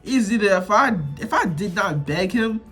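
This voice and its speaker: A young man tells a story straight to his viewers, loose and slangy, circling back on his own phrases for emphasis. His voice sits high for a man and has a husky edge. Soft music plays faintly underneath. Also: moderate pace. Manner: animated, repetitive, slangy, addresses viewers directly. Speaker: vlogger telling a story. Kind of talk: casual storytime monologue.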